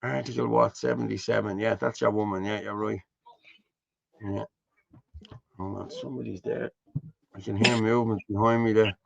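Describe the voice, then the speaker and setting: A man's voice: fairly low pitch, steady tone, moderate pace, vocal fry, pauses often, a bit bright, dry recording. An Irish man hosting a casual live stream, blunt and scornful, swearing freely. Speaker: host. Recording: dull lo-fi stream audio.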